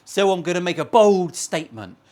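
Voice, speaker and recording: A man's voice: high voice, sing-song, a little fast, dark tone. A man, a guitar maker and channel host, ranting bluntly and profanely in a casual opinion vlog from his workshop.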